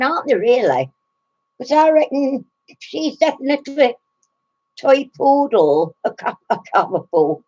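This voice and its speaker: A woman's voice: high-pitched, big pitch swings, unhurried, darkish tone, lo-fi sound. A woman in her sixties, out of breath, chatting casually and giggling with live stream viewers, greeting them by name. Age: 60s. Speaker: craft channel host.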